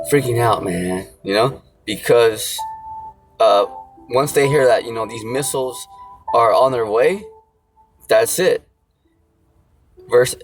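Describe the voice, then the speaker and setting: A man preaching a casual sermon, rambling with lots of fillers and blunt slang. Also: medium pitch. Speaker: street preacher. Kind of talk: casual sermon with scripture reading. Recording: music playing behind.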